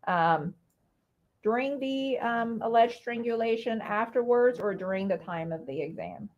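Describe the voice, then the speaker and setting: A woman prosecutor questioning a witness in court, with methodical, measured questions. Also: a little high, darkish tone. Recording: dull lo-fi courtroom feed.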